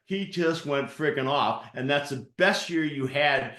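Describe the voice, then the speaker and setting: A man interviewing a guest on stage, telling lively coaching stories with acted-out quotes. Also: fairly high pitch, a little slow, few pauses, roomy sound. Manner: animated storyteller with acted-out quotes. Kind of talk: live interview with storytelling.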